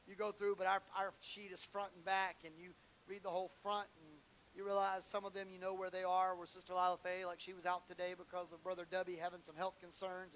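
A man preaching a sermon as pastor, in a conversational storytelling way that climbs louder and higher as he gets moved. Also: a little hiss or hum, rough recording. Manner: conversational storytelling, rising in pitch and volume as he grows emotional.

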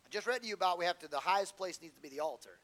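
Male preacher, folksy and animated, punchy build-ups and quiet asides; high, tense voice. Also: very fast, low-quality recording. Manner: folksy, colloquial delivery. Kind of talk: sermon.

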